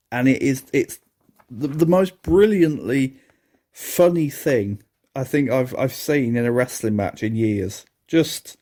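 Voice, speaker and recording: A man's voice: mid-range voice, dark tone. A man hosting a solo podcast, reviewing an old wrestling event with sarcastic humor and frequent laughter. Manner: sarcastic, laughs at what he describes. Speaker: podcast host.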